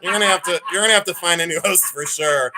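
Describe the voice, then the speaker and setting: A woman's voice: on the low side, fast talker, noisy background. A middle-aged woman hosting a livestream sale, chatting casually and teasing herself as she shows old photos. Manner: chatty, self-mocking, playful. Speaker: livestream jewelry sale host.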